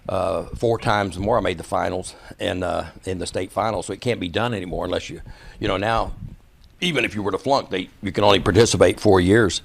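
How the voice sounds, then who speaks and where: A man tells stories as a podcast guest, his voice sitting a little low with a gravelly fry. He is a lively raconteur who slips into the voices of the people in his tales. The talk is casual and unhurried. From Texas. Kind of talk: casual storytelling.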